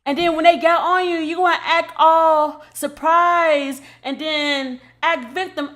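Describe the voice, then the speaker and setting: A young woman with a high voice tears into her subject in a casual commentary rant. She is blunt and profane, and she circles back to the same points again and again. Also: a little slow, a bit bright. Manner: blunt, repetitive, profane scolding. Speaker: commentary creator.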